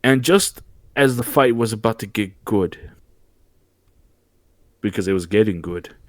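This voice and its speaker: A man's voice: fairly low pitch, measured pace, no room sound. A man hosting a casual podcast, telling a story with lots of energy, stumbling and repeating words as he goes. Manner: animated, mimics wrestlers in exaggerated voices, stumbles and repeats words. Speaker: podcast host. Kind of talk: casual podcast chat recapping wrestling.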